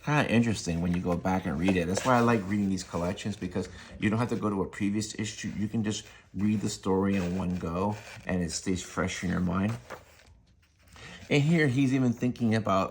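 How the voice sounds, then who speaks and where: A man's voice: low voice, fairly quick, slight background noise. A man casually retelling a comic book story in a rambling way, full of fillers. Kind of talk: casual spoken review.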